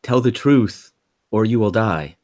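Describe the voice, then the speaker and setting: A man's voice: lowish voice, expressive, a little slow, darkish tone. A man voicing a woman interpreter in a tabletop game, speaking in stiff, careful, formal phrases. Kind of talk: tabletop role-play voicing.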